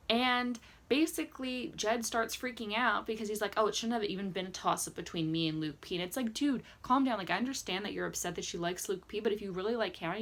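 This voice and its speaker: Young woman vlogger, chatty and wry, filler-heavy casual recap delivery. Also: medium pitch. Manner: chatty, sarcastic, lots of "like" fillers. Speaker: vlogger recapping a reality dating show. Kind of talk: casual reaction vlog. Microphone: camera mic with ring light, indoors.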